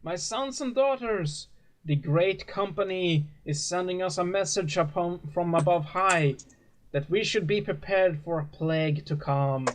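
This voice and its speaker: A man voicing a pompous preacher of a company cult who delivers grand, drawn-out sermons to his flock. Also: high voice, pitched above the performer's own voice. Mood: preaching.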